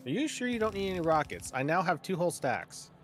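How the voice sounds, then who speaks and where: A man's voice: on the high side, big pitch swings, fast talker, soft background music. A man playing a co-op game as a guest, chatting in a hesitant, focused, slightly unsure way. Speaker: guest co-op player. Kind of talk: casual co-op gameplay chat.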